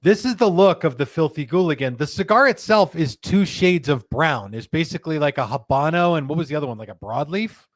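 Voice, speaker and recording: A man's voice: a little high, expressive, fairly quick, few pauses, no room sound. A man hosting a live show, chatting in a casual, joking way and reading viewer comments aloud, indoors in a studio room. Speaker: host of a live cigar show. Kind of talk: casual live-stream chat.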